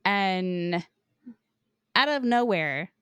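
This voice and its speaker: A woman's voice: medium pitch, lively intonation, drawn-out words, a bit bright, clean tone, no room sound. A woman co-hosting a casual book podcast, loosely retelling a plot with frequent "like" fillers and casual swearing. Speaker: podcast co-host.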